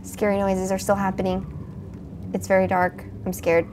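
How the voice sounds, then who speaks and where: A woman playing a spooky video game, chatting to her viewers in a jumpy, excitable way. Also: mid-range voice, normal speed, noisy background. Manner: jumpy, chatty, talks to viewers, frequent gasps and exclamations. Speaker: gaming video host. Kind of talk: let's play commentary.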